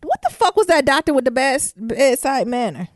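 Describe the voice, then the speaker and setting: Young woman from Detroit, podcast co-host, lively swooping delivery, dry close sound. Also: high voice, normal speed, no room sound. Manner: animated, profane, laughing asides. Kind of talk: casual chat.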